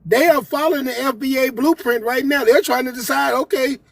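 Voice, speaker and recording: A man speaking earnestly and haltingly as a guest on a live online panel, with frequent restarts. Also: very high voice, vocal fry, no room sound, distant mic.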